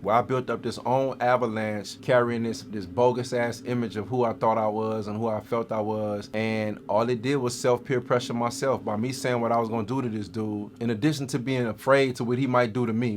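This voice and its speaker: A man telling his own life story as a guest, in streetwise slang with vivid, dramatic retelling. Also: medium pitch. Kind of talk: first-person life story.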